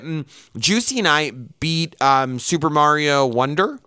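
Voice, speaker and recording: A man co-hosting a podcast, chatting casually with lots of fillers and an animated delivery. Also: a little high, normal speed, clean tone, no echo, studio quality. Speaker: podcast co-host. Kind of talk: casual chat.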